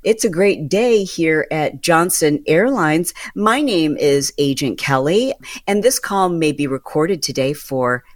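A woman's voice: low voice, animated, measured pace, no room sound, clean studio sound. A woman mimicking a long-winded airline phone agent. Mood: saccharine scripted. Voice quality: syrupy, long-winded customer-service politeness. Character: overly wordy scripted airline phone agent, female.

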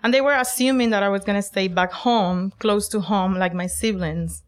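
A middle-aged woman from Puerto Rico telling a personal story, lively and emphatic, acting out quoted lines. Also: mid-range voice, normal speed, smooth. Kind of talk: personal story told to an audience.

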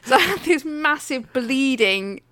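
A woman's voice: high voice, expressive, a little slow, fairly bright tone, no room sound, clean studio sound. A woman co-hosting a podcast, telling a story in a chatty, self-mocking way with lots of laughter. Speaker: podcast co-host. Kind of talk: casual chat.

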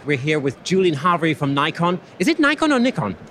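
Casting: male host, slightly high voice, light hall noise behind, upbeat trade-show interviewer. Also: a little fast, a bit bright. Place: busy exhibition hall.

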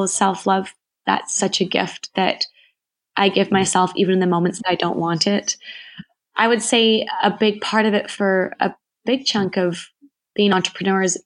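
A woman speaking as a podcast guest, thoughtful and candid in a reflective conversation. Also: mid-range voice.

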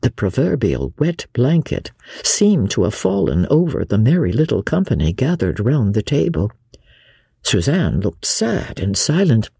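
A woman narrating an audiobook with lively, expressive storytelling. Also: extremely low pitch, unhurried, gravelly, husky, dry recording. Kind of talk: scripted narration.

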